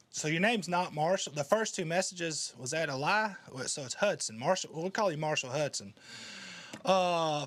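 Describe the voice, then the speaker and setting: A man's voice: on the high side, a bit bright. A man hosting a podcast, answering call-in messages in a laid-back, rambling way. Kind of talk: casual commentary.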